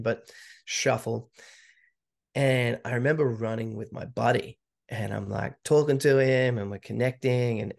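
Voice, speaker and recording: Gravelly aussie guy telling his story, swears a lot, acts out what people said. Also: medium pitch. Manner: candid, swears, acts out quotes. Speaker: podcast guest, ultra runner. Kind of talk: casual storytelling.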